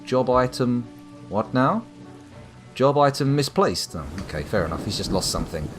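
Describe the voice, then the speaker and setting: A man from the UK giving wry, rambling live commentary on a game while chatting to viewers. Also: mid-range voice. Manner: wry, rambling, talks to chat. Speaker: streamer. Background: faint background music.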